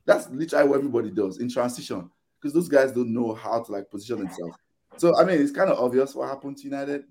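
A man on a podcast panel in casual chat, ranting animatedly and acting out both sides of arguments. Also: mid-range voice. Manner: animated, exasperated ranting with quoted back-and-forth.

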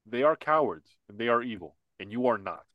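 Male podcast co-host, mid-pitched, ranting and repetitive, muffled dry audio. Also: expressive, a little fast. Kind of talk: casual political podcast chat.

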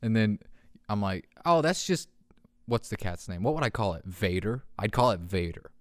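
A young man hosting a casual podcast, excitable and laughing often, swearing and doing deep meows as he reacts to memes. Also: normal speed, no room sound, studio quality. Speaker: podcast host. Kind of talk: casual meme commentary. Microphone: handheld podcast mic.

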